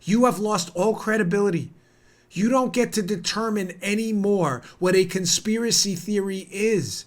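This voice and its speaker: A man's voice: high voice, moderate pace. Heated, sarcastic male podcast host. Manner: heated and sarcastic, talks straight to his audience. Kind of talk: political commentary.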